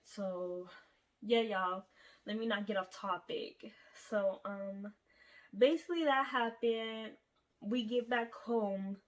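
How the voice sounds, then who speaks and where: A young woman casually telling a storytime to her viewers, chatty and profane, often calling them y'all. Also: medium pitch.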